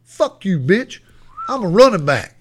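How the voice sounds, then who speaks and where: A man's voice: extremely high pitch, fairly even intonation, fast talker, vocal fry, bright, forceful tone, pitched above the performer's own voice, full character voice. A man voicing a foul-mouthed, defiant nine-year-old boy football player who cusses and taunts. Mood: defiant cussing. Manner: cussing, taunting, brash.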